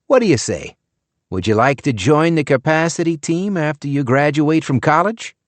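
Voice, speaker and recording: A man's voice: a little high, expressive, normal speed, dry recording, voice pushed up, close to an everyday voice. A man reading an audiobook and voicing a genial, polished older businessman.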